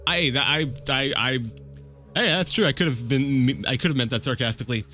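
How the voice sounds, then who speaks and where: Rambling man with a lively voice. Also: mid-range voice, fast, faint music behind. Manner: rambling, thinks aloud, self-correcting. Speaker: let's play gamer. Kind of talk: casual game commentary.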